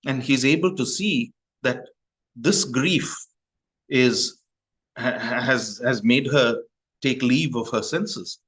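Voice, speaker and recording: A man's voice: medium pitch, takes it slowly, fairly bright tone, rough recording. A male Buddhist monk telling a story in a Dharma talk, talking in a loose, conversational way with restarts and asides.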